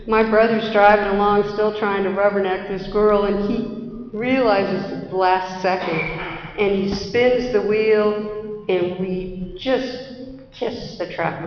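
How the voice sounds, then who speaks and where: A middle-aged woman sharing her recovery story at a conference, candid and self-deprecating. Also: mid-range voice. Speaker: AA speaker. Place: conference hall. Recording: roomy, dull conference hall recording.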